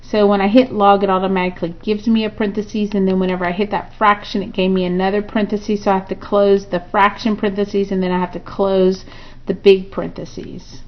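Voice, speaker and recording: A woman's voice: medium pitch, little pitch movement, fairly quick, lo-fi sound. A woman teaching a math review lesson who talks through each step aloud and often checks in with "okay" and "right?". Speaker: math instructor.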